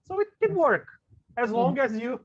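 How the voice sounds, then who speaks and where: His pitch is extremely high and swings widely, slightly rough, at normal speed, captured in dull audio. A Brazilian-accented native Portuguese speaker, he's giving colleagues a relaxed teacher-training talk, chatty and forever adding "okay?" and "right?".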